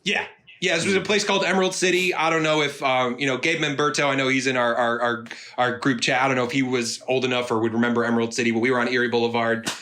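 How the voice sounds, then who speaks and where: Bright-voiced man telling rambling stories. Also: mid-range voice, fairly even intonation, quick pace. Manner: rambling, filler-heavy, amused. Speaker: podcast co-host. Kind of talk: casual storytelling chat.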